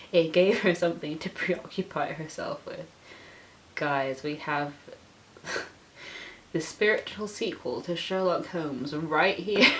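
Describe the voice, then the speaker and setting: A young woman reading her own childhood story aloud, breaking off with laughing, self-mocking asides. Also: on the low side. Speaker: channel host reading her childhood writing.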